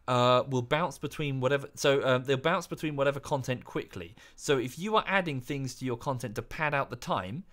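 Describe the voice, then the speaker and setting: Chatting on a live game stream, this young British YouTuber and streamer goes off on a rambling, self-correcting rant. He has a medium-pitched, slightly bright voice.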